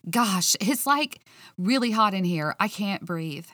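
A woman voicing a flustered, snappy young woman sleuth who talks back quickly and defensively. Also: mid-range voice, expressive, a bit bright, no echo, studio quality.

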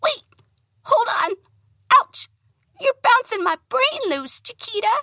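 A woman voicing a tiny talking dog, way up high and squeaky, excitable, bright and sharp, in a dry close read. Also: slow pace, dry recording, heavily acted. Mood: frantic. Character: small talking male pet dog, excitable.

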